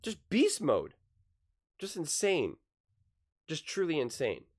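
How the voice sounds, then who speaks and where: A man with a fairly high voice talks slowly, his pitch swinging wildly. He hosts his own sports channel and delivers passionate, casual opinion commentary straight to camera, often repeating words and starting sentences over.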